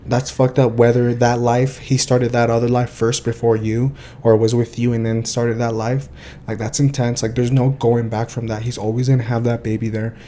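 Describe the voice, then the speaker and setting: A young man co-hosting a podcast, chatting casually and telling animated, profane stories. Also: medium pitch, normal speed, a little hiss or hum. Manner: animated storytelling, swears freely. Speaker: podcast co-host. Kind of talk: casual chat.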